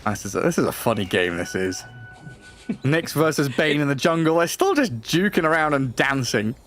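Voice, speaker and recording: A man doing fast, lively play-by-play commentary on an esports match. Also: fairly high pitch. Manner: quick, lively play-by-play calls. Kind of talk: live game commentary.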